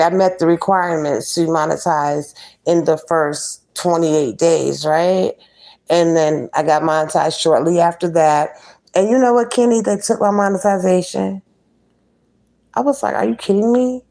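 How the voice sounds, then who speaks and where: A woman's voice: medium pitch, a little mellow. A woman hosting a casual live stream, chatting with viewers and reading the chat aloud.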